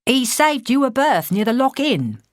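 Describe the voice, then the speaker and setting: A cheeky, skinny young lad , as a woman reads him, with a broad Cockney accent and a cocky, slangy, teasing manner. His voice swoops lively up and down. The recording is dry and close, with no room sound. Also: high-pitched, moderate pace, no echo, voice pushed up.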